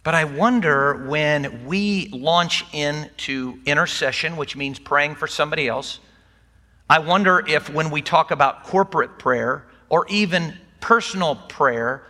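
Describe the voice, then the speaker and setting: Older preacher in a reverberant sanctuary. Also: male voice, fairly high pitch, pushed and bright. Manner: folksy, conversational preaching with humor. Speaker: pastor. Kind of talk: sermon. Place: church sanctuary. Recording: long hall reverb.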